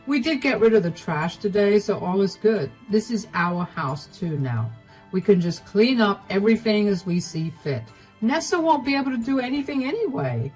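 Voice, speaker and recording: A woman's voice: medium pitch, very animated, normal speed, a little mellow, slightly rough, faint music behind, poor audio. A woman voicing a smug, entitled brother-in-law in a story narration. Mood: dismissive. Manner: dismissive, smug.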